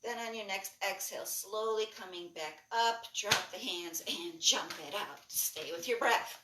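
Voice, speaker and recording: A woman instructor leading a guided breathing and movement class, giving calm, rhythmic cues that are mostly soft with brighter bursts. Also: a little high, unhurried, hardly any pauses, recorded from a distance, a little hiss or hum. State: lightly breathless while jumping. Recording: echoey room, voice a bit off-mic.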